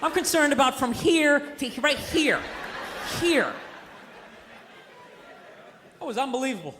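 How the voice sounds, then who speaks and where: A man's voice: extremely high pitch, big pitch swings, measured pace, crowd noise. A man doing a stand-up comedy set, ranting sarcastically and acting out characters in asides. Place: live comedy venue with audience. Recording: noisy live club recording.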